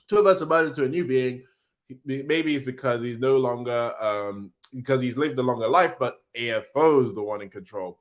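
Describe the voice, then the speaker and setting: A man hosting a casual manga reaction, reading panels aloud in an excitable, slangy way. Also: medium pitch.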